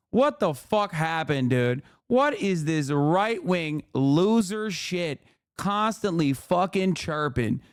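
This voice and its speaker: A man's voice: fairly high pitch, clean tone, no echo, clean studio sound. A man streaming live, reacting to clips with heated, profane ranting. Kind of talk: casual livestream commentary.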